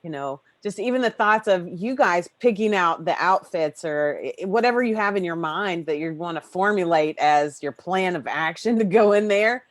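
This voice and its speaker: Woman host, low-ish voice, dry close mic, chatty and gushing, drops a casual curse. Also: expressive, normal speed, few pauses, no echo. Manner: effusive, rambling, swears casually. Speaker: podcast host. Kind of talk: casual podcast chat.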